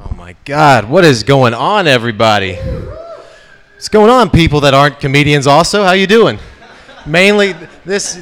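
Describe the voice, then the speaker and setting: A man's voice: on the high side, fairly bright tone. A man opening a stand-up set, chatting with the crowd through laughs. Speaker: stand-up comedian. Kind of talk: stand-up set at an open mic.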